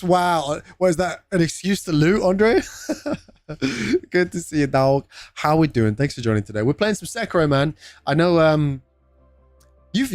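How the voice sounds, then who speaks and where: A man's voice: fairly high pitch, no echo. Chatty British man streaming live. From United Kingdom. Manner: chatty, swears, greets viewers by name. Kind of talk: casual live-stream chat.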